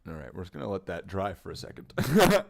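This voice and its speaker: A man's voice: low-pitched, rapid-fire, gravelly. A man chatting casually while painting miniatures on a hobby stream, rambling and joking as he thinks aloud.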